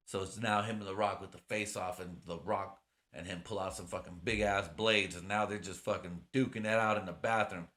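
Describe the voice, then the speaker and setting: Low-voiced man ranting, swearing nonstop. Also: fairly even intonation, brisk, fairly bright tone. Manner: profane, rambling, heavy swearing and slang. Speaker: podcast host. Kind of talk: casual solo podcast rant.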